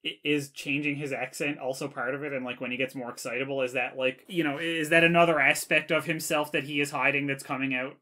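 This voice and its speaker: A man appearing as a podcast guest, rambling and animated in a casual film discussion. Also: medium pitch, fast talker, few pauses.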